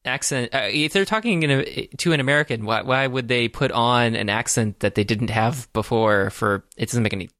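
A man on a podcast recaps a movie plot in a bright, sharp voice, pausing often on his fillers. The sound is dry and close, with no room around it. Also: mid-range voice, no room sound. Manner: hesitant, many uh fillers. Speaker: podcast co-host. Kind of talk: casual podcast chat, recapping a film.

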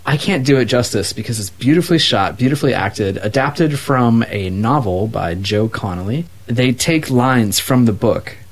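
A man's voice: medium pitch, lively intonation, moderate pace, few pauses, breathy edge. A man co-hosting a podcast, chatting casually about a movie with enthusiasm and lots of fillers. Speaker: podcast co-host. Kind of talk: casual movie review chat.

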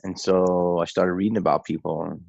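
Male comedian guest, lowish voice, dry close sound, loose rambling storyteller. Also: little pitch movement, moderate pace, gravelly, darkish tone, no room sound, highs cut off. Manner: loose, rambling storyteller who acts out quotes. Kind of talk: casual interview talk.

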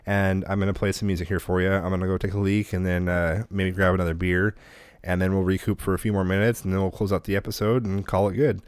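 Man, lower voice, easygoing podcast host, crude storyteller, dry sound. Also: dry recording. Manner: relaxed storyteller, swears freely. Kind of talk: casual chat.

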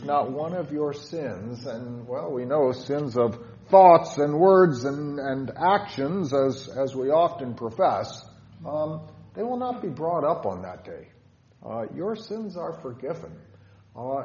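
A male pastor with a Southern Illinois accent and a fairly high, darkish voice delivers a thoughtful catechetical sermon with hymn lining, using many fillers. The church sanctuary sounds echoey, the recording dull and lo-fi, with slight background noise.

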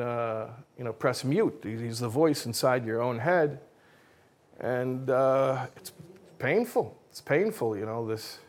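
A man giving a religious talk with jokes, speaking in a casual, self-mocking and energetic way. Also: medium pitch.

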